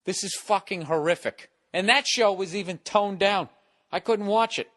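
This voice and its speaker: A man's voice: high-pitched, normal speed, a bit bright, dry recording, clean studio sound. A man hosting a podcast from his home, delivering a profane, exasperated solo rant. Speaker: podcast host. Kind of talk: solo ranting monologue.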